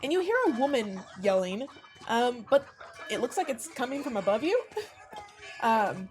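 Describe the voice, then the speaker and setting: A woman's voice: on the high side, expressive, measured pace, soft background music. A young woman running a tabletop game as game master, narrating in a rambling way with many fillers. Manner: rambling, with frequent fillers and laughs.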